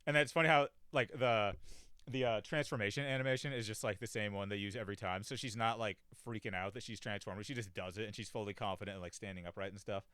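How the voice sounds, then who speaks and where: A man's voice: lowish voice, steady tone, fast, fairly bright tone, smooth, no echo, studio quality. A young man rambling casually about a cartoon episode, filling his talk with "like", swearing and mimicking the characters. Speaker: podcast host reviewing a cartoon. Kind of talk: casual chat.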